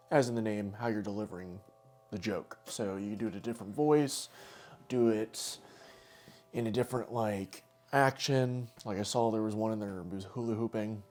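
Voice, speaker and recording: A man's voice: lowish voice, normal speed, a little mellow, soft background music. Laughing, teasing male podcast host. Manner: laughs often, teasing, swears casually. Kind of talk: casual chat and party game.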